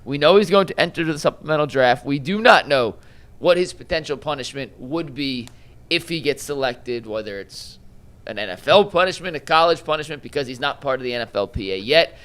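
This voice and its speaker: A man's voice: a little high, lively intonation, a little fast, fairly bright tone. A man hosting a casual sports talk show, posing questions and steering the discussion.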